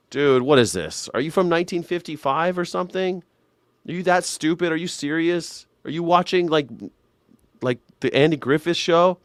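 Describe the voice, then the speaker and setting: A man's voice: a little high, normal speed, no room sound. Profane male host in a sarcastic rant, dry close sound. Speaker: live show host. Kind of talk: ranting reaction commentary.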